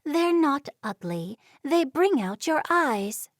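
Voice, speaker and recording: A woman's voice: high-pitched, very animated, slow, dry recording, studio quality, pitched above the performer's own voice, heavily acted. Give me a stern, prying Amish mother, played by a woman narrator, firm and a little raised. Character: stern middle-aged Amish mother, matchmaking.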